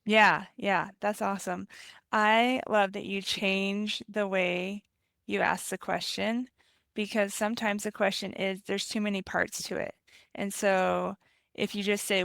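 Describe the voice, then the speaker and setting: Woman, podcast host, smooth resonant voice, mid pitch, affirming, encouraging. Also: measured pace, a bit bright, no echo. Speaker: therapy company owner. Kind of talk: casual interview chat.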